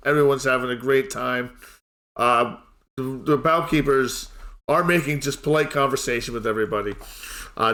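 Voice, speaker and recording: A man narrating a tabletop game as game master, relaxed and full of filler uhs. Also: medium pitch.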